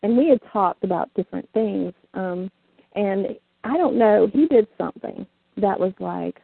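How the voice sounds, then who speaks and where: Gravelly husky woman on a phone line. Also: mid-range voice, normal speed, dry recording. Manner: frank, bawdy storytelling with frequent laughter. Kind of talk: casual chat. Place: small southern town. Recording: tinny phone line, dry.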